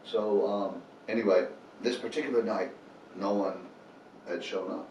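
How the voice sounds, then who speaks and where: The founder of a homeless ministry, a man with a fairly low voice at normal speed, tells earnest faith stories as an interview guest. He's an animated storyteller who acts out what people said. The mic is distant in a roomy space with faint noise.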